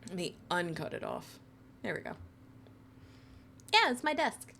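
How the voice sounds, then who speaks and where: A woman's voice: a little slow, gravelly, slight background noise. Giggly, teasing woman streamer. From New Jersey, US. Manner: playful, teasing, giggly, big swoops of pitch when excited. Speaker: live streamer. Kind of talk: casual live-stream chat with viewers.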